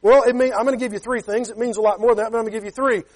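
A man's voice: very high voice, fairly even intonation, rapid-fire. A man preaching a sermon as a pastor. He talks emphatically, keeps checking with "Okay?", and reads scripture in King James wording.

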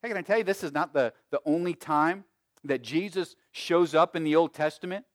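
A man preaching a sermon as pastor, emphatic, with big swings between loud and quiet and frequent restarts. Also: on the high side, brisk, dry recording, studio quality. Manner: frequent repeated words and restarts.

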